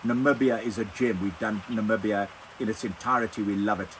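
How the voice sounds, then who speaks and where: A man's voice: lowish voice, steady tone, a little fast, a little hiss or hum, rough recording. An older man with a South African accent hosting a casual question-and-answer chat, rambling and repeating himself as he answers. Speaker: overlanding vlog host. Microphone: phone propped on a wine box.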